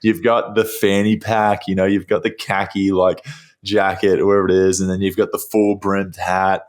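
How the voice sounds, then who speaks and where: A man's voice: low voice, level tone, normal speed. A young American man hosting a podcast in easygoing casual chat, drawing out his words and laughing. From United States. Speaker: podcast host.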